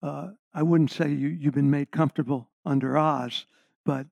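A man's voice: fairly high pitch, fairly even intonation, moderate pace, vocal fry, darkish tone, no room sound. A middle-aged man preaching a sermon, stressing key words and putting questions to the congregation. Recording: slightly dull lo-fi sound.

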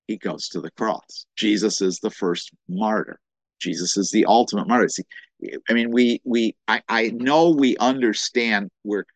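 A man's voice: fairly low pitch, fairly bright tone, dry recording, poor audio. A man preaching a conversational sermon, often repeating words as he talks and acting out quoted speakers. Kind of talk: sermon teaching.

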